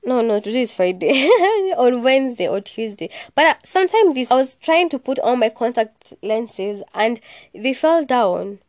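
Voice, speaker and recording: A young woman talks in a chatty, sassy way on her solo podcast, cursing freely and slipping in Swahili. Her voice sits a little high. The recording is dry and close, with no room sound. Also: very animated, normal speed, a little mellow, dry recording. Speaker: podcast host. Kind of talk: casual solo podcast chat.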